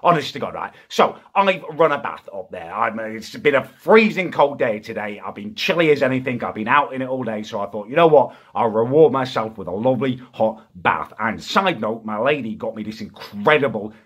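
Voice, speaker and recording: A young man in a comedic rant, exasperated and indignant, with sudden high-pitched outbursts. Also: animated, moderate pace, few pauses, fairly bright tone, husky. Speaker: comic ranting character.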